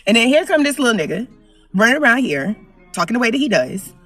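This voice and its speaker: A woman's voice: sing-song, fast, recorded from a distance, faint music behind. Emphatic woman ranting to camera. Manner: emphatic, repeats lines for effect, swings between loud and low. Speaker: vlogger. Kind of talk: opinion rant to camera.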